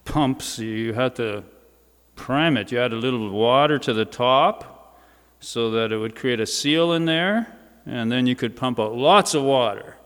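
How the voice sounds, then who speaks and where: A man's voice: mid-range voice, unhurried, a bit bright. Man preaching a casual sermon, church reverb. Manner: conversational, informal asides.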